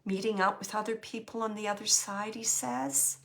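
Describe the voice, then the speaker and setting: A woman with a bright, clear-toned voice gives a psychic reading. She speaks haltingly, feeling her way through each impression and thinking aloud, and laughs often as she relays what she senses. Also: mid-range voice, fairly even intonation. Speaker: psychic medium.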